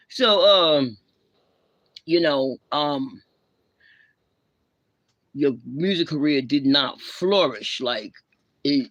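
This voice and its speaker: A woman's voice: low-pitched, fairly bright tone, no room sound, dull audio. A woman hosting a livestream, ranting and scolding in blunt, slang-heavy talk with a lecturing tone. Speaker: livestream host. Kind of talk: ranting live commentary.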